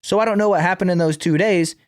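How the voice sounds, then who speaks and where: Guy doing reaction commentary, sarcastic, slightly high voice, dry sound. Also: fast, no echo. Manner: sarcastic, pointed. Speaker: commentary channel host.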